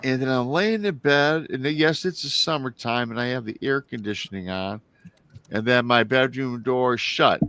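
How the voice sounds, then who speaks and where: A man's voice: mid-range voice, moderate pace, bright, forceful tone, clean tone, dry recording. A man in his forties hosting a live talk show, telling a story casually, with many restarts and asides to his listeners. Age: 40s. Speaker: show host.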